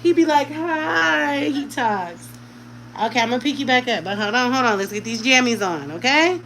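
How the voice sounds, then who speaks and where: A woman's voice: a little high, lively intonation, a little fast, a bit bright, slight background noise, poor audio. A woman at home talking in casual vlog chat while caring for a baby, slipping into doting baby talk as she coaxes an infant to speak. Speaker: vlogger.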